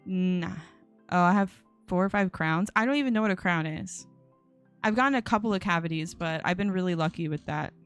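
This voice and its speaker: A woman's voice: fairly low pitch, a little fast, smooth. A young woman streaming live, chatting casually with viewers in a rambling way full of fillers and restarts. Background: faint music.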